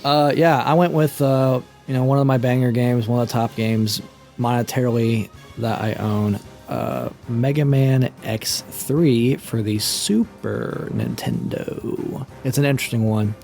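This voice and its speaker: A man's voice: medium pitch, steady tone, measured pace, gravelly, darkish tone, soft background music. A man co-hosting a podcast in casual chat, playful and ready to argue his picks. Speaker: podcast co-host.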